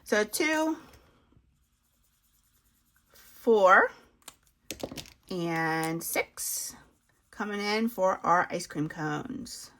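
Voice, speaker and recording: Chatty woman with a lively voice. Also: medium pitch, very slow, pauses often. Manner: chatty, talks to viewers as y'all, laughs at herself. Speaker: budgeting video host. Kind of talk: casual savings challenge commentary.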